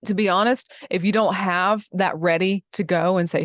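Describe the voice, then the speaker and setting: Woman, lowish voice, very dry sound; blunt and emphatic, tosses in "honey" and "baby". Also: lively intonation, moderate pace, hardly any pauses, no room sound. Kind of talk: casual interview advice.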